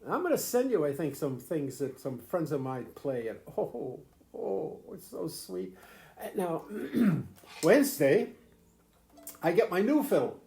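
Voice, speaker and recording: Speaking a little slowly, this grandfather has a slightly high, sing-song and mellow voice. He gives his grandchild a casual home video lesson on the fiddle, rambling folksily with frequent restarts and chuckles.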